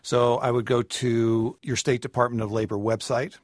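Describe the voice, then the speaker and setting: A man giving personal finance advice on a radio call-in show, measured and explanatory with a wry touch. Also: mid-range voice, level tone, dry recording, clean studio sound.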